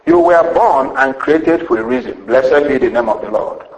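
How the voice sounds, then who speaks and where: A man's voice: mid-range voice, expressive, normal speed, reverberant, rough recording. A man preaching a sermon with emphasis, rhetorical questions and a repeated refrain.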